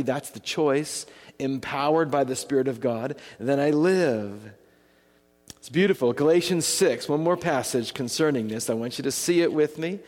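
A man's voice: fairly high pitch, darkish tone. A male pastor preaching a sermon, emphatic, with his voice swinging between rising and falling. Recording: long hall reverb.

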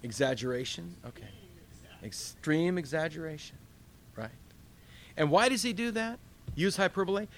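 Man, pastor type, leading a casual Bible study. Lively delivery with a voice a touch high, asks questions, acts out inner dialogue. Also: moderate pace, long pauses, slight background noise. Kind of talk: conversational Bible teaching.

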